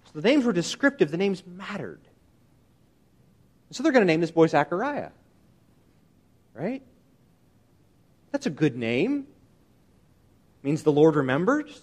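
A man preaching a sermon, emphatic and animated, often asking his listeners rhetorical questions. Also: sits high, measured pace, long pauses. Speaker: pastor.

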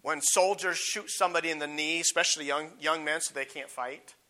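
A man delivers a sermon in a sharp, very bright voice pitched a bit high. He stumbles over fillers and restarts, then drives his points home by saying them again. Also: fairly even intonation. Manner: halting, with many fillers and restarts, repeats key points for emphasis. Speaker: preacher.

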